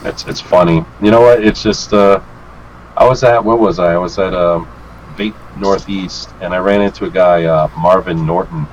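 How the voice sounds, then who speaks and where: A man with a fairly low voice tells a rambling story in a relaxed, chatty way. He jumps into other people's lines, swears freely and laughs along as he goes. A faint hiss sits under the recording. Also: normal speed, low-quality recording. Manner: animated, acts out quotes with swearing and laughs. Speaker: guest, vape reviewer. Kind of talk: casual storytelling chat.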